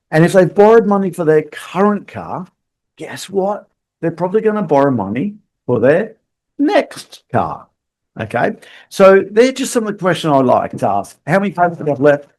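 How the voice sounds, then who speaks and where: A man's voice: fairly high pitch, a little mellow. A man hosting a podcast and coaching salespeople, acting out short customer and salesperson lines as he goes. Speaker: sales trainer and podcast host. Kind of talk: podcast monologue.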